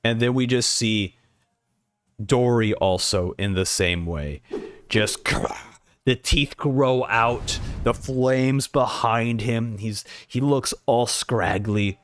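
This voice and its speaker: Reacting casually to a manga, a man narrates panels and animatedly performs the characters' dialogue. He speaks slowly in a medium-pitched voice.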